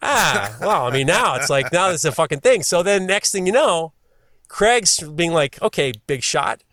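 A man hosting a podcast, telling stories in casual chat, animated and swearing freely. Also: fairly high pitch, normal speed, dry recording, studio quality. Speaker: podcast host.

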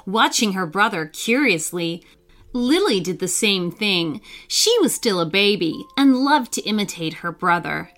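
A woman narrating a bedtime story for children, reading slowly and expressively. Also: mid-range voice, expressive, fairly bright tone, soft background music.

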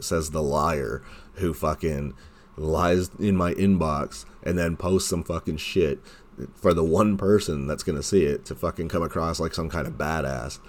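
A man hosting his own podcast, delivering a heated, sarcastic monologue full of swearing and mocking quotes. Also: extremely low pitch. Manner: heated, sarcastic, heavy swearing, mocks others in quoted voices. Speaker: podcast host. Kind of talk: profane ranting monologue.

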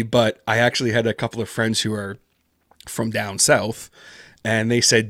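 A man's voice: on the low side, little pitch movement, normal speed, a bit bright, dry recording, clean studio sound. A man talking casually in an interview, rambling with lots of fillers and self-deprecating asides. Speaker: podcast guest, horror narrator.

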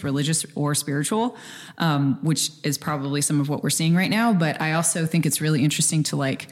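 A woman with a very low voice hosts a podcast. She lays out the topic in a chatty, casual way. Her talk is loose and full of fillers. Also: darkish tone. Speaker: podcast host. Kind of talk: casual chat.

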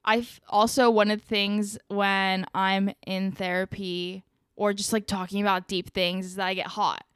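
A woman chatting casually on a podcast, telling stories in an animated way with lots of fillers. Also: mid-range voice, a little slow, clear, resonant tone, no echo, studio quality. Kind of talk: casual chat.

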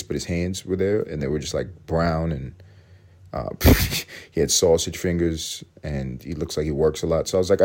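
Deep-voiced profane rambling podcast man. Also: a little mellow. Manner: profane, rambling, self-mocking. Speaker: podcast host. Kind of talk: casual solo podcast rant.

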